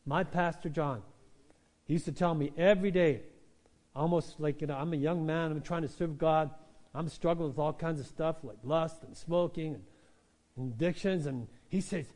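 A man preaching a sermon in a church, animated and conversational, rising to loud emphatic peaks and dropping to quiet asides, often checking in with "right?". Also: a little high, normal speed. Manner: conversational, asks the congregation "right?". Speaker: pastor.

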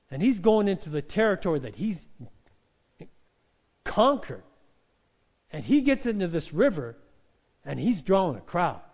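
A male pastor delivers an animated sermon. His voice is high and swings widely as he calls to the congregation and slips into acted quotes. The delivery stays energetic and conversational throughout.

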